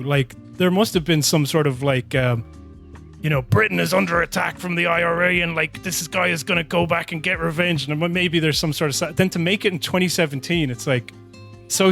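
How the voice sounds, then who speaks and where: A man's voice: on the high side, creaky, fairly bright tone. A man co-hosting a podcast, talking through a film in a rambling, laughing way with lots of restarts. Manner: rambling, self-interrupting, laughs often. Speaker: podcast co-host. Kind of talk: casual film discussion.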